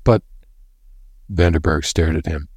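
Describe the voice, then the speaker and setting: Brief: male narrator, low voice, husky edge, dry close recording, measured storytelling. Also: fairly even intonation, darkish tone, dry recording. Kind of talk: audiobook narration.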